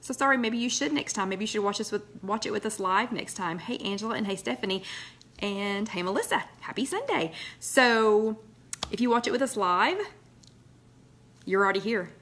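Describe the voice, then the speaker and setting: A woman's voice: medium pitch, lively intonation, normal speed, fairly bright tone. A woman hosting a casual live chat from her loft at home, rambling and greeting viewers one by one. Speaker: host of a live weight-loss chat.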